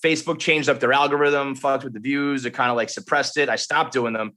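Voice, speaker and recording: Bright-voiced man telling stories, profane. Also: mid-range voice, fairly even intonation, a little fast. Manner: profane, rambling storyteller. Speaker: podcast guest. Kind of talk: casual podcast chat.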